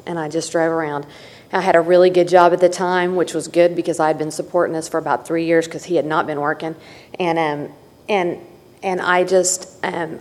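Woman, earnest personal testimony, lowish voice, reverberant meeting hall. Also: a little mellow, a little hiss or hum. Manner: candid and earnest, with repeated phrases and restarts. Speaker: recovery meeting speaker. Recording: echoey hall.

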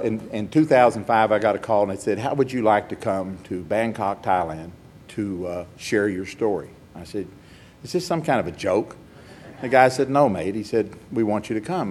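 A man's voice: fairly low pitch, darkish tone, slight background noise. An older man giving a personal testimony at a recovery meeting, telling stories in a rambling, heartfelt, self-mocking way.

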